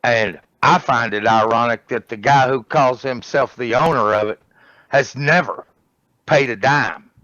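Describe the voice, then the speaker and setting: A man in a casual group chat about a racing league, making a measured, pointed case. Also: mid-range voice, a bit bright, no room sound, highs cut off.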